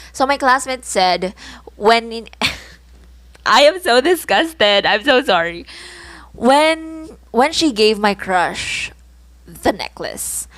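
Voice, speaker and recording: Young Filipino woman, slow close podcast talk. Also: mid-range voice, no echo. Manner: animated, self-mocking, laughs and groans at her own stories. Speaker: podcast host. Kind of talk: casual solo podcast storytelling.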